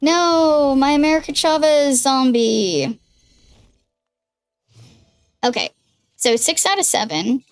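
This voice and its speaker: A woman's voice: sits high, lively intonation, slow pace, long pauses, no room sound. A young woman streaming a card game, chatting casually and thinking aloud over her moves on a headset mic. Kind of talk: casual gaming livestream commentary. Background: faint background music.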